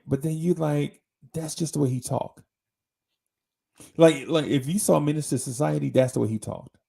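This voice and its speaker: A man's voice: medium pitch, creaky, warm tone, slightly rough. A man hosting a live show, telling a slangy, rambling story with many restarts. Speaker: host. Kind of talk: casual storytelling chat.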